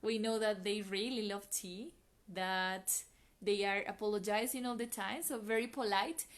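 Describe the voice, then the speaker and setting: A woman's voice: mid-range voice, fairly even intonation, normal speed. A woman with an American accent hosting a live online English class, chatty, laughing often and asking the viewers questions.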